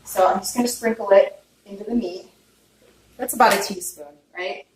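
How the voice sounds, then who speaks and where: A woman's voice: mid-range voice, normal speed. A woman giving a casual cooking demonstration in her home kitchen, chatty and openly emotional, often checking in with viewers. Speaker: home cook. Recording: echoey kitchen, distant mic, faint noise.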